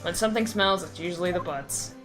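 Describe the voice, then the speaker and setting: A woman's voice: fairly low pitch, brisk, music in the background. A woman bantering playfully with a co-host on a gaming livestream. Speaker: co-streamer. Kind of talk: casual livestream chat.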